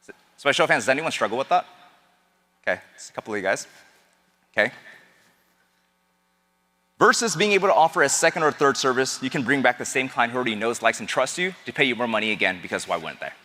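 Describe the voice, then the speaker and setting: A man giving an energetic seminar talk to a live audience as a business coach, often asking the crowd questions. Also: mid-range voice, quick pace, long pauses. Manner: animated, asks the crowd questions. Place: event hall with a live audience. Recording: long hall reverb.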